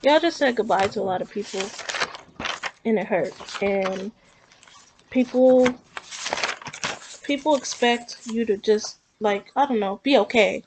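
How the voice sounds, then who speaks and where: A woman's voice: a little high, measured pace, long pauses, noisy background. A woman talking earnestly and emotionally in a rambling, heartfelt vlog about her own grief. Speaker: vlogger. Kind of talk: personal talk to camera about grief.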